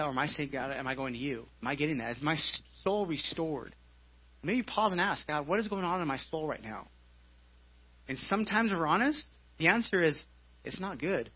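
A man's voice: a little high, slightly rough, dull audio. A man preaching a live church sermon in a conversational style, often checking in with "right?" and repeating words as he goes. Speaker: pastor. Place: church service.

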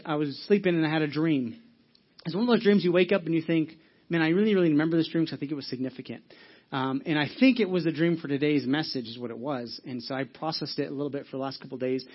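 A man preaching a sermon at a fast clip, voice a little higher than most. He tells his story with frequent restarts and quick acted asides. The audio is dull and lo-fi. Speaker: pastor.

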